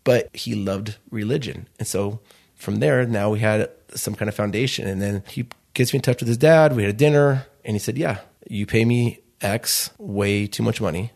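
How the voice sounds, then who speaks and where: Man in his 30s, restaurant owner, low gravelly voice, loose rambling storyteller. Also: moderate pace, a little mellow. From Chicago. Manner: loose, rambling storyteller acting out quoted dialogue. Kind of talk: storytelling interview.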